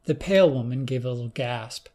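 A man narrating a first-person story in a measured, plain storytelling manner. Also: medium pitch, mellow.

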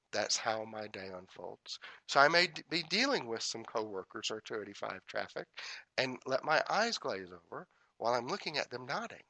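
A man teaching a spiritual talk, repeating affirmations in a measured rhythm, with folksy humorous asides. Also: medium pitch, gravelly, sharp tone, no echo. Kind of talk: inspirational talk.

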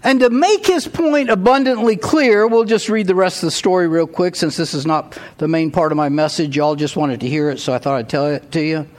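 A man preaching a sermon, retelling a story in an animated, storytelling way and building to emphatic peaks. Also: sits high, moderate pace, few pauses. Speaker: pastor.

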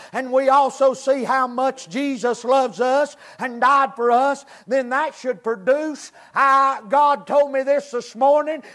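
Middle-aged preacher man with a very high voice, preaching fervently in church. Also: a bit bright. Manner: fervent preaching with repeated "amen" and "praise God". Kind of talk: sermon. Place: church service.

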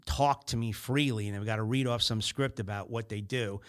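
A man hosting a talk show on sales, talking casually and rambling, with many fillers and restarts. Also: lowish voice. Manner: mimics other voices in quick snippets. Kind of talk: casual monologue.

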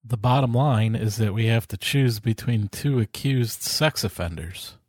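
Low-voiced wry podcast man. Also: a little slow, darkish tone, no echo. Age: older than co-host. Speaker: podcast co-host. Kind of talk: casual political chat.

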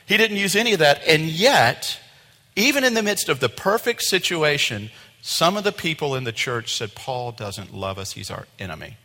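Animated preaching man, bright voice. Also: fairly high pitch, moderate pace, big-room sound. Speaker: pastor. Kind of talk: sermon. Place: church sanctuary.

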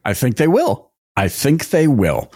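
Lively Canadian man hosting a podcast. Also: mid-range voice, measured pace, slightly rough. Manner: enthusiastic, restarts questions. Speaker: podcast host. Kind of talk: casual interview.

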